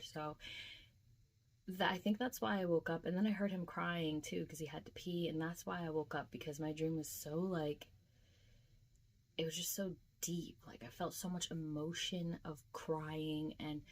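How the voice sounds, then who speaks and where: Young woman, casual vlog, chatty, emotional, lots of fillers, slightly low voice. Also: fairly even intonation, measured pace. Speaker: vlogger. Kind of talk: casual dream diary vlog.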